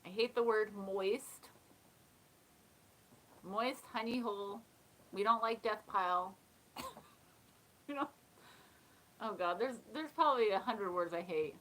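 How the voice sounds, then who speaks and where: A woman's voice: medium pitch, slow pace, long pauses, fairly bright tone, poor audio. A woman hosting a casual live chat, talking in a chatty way, often laughing and reading comments aloud. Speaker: live stream host.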